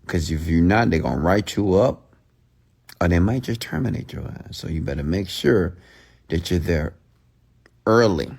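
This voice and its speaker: Blunt, gravelly-voiced man ranting. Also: low voice, animated, normal speed, long pauses, a little mellow. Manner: blunt, profane, mocking; mimics others in a raised voice. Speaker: motivational speaker. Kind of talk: late-night motivational rant.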